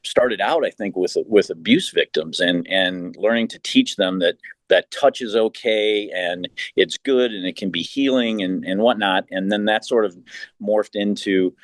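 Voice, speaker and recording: A man's voice: lowish voice, a little slow, no echo. A man being interviewed as a team executive, telling anecdotes with frequent repeated words and restarts. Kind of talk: storytelling in an interview.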